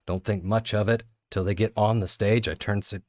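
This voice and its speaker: Man, deep voice, public speaking teacher, candid personal storytelling, halting restarts, dry close sound. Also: fairly even intonation, a little mellow, dry recording.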